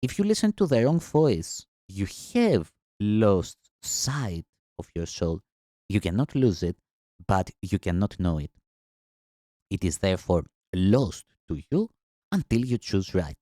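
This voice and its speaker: Low, mellow man reading solemnly. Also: sing-song, a little slow, no room sound, studio quality. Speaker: spiritual teacher reading scripture-like text.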